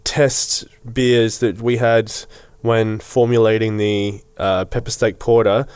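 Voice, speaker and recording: A man's voice: lowish voice, little pitch movement, slow, darkish tone, clean tone, no echo. A man co-hosting a podcast in casual chat, easygoing and hesitant with fillers, recorded close and dry. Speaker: podcast co-host.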